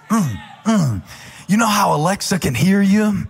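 A man preaching a live sermon in a church, often shouting with passion and sliding into a sung cadence, with playful asides to the congregation. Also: sits high, big pitch swings, measured pace, vocal fry, a little hiss or hum. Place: church sanctuary before a congregation.

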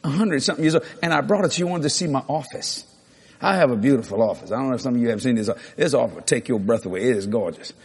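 A middle-aged man, preaching a sermon through lively, laughing anecdotes with sudden jumps in pitch. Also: fast, slightly rough. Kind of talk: storytelling sermon.

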